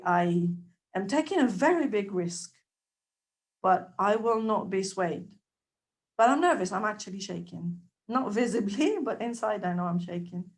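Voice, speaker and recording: A woman giving a testimonial, telling a personal story in an animated way, moving between soft asides and emphatic lines. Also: medium pitch. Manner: animated, acts out dialogue, loudness swings between soft and emphatic. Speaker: trainee observer giving a testimonial.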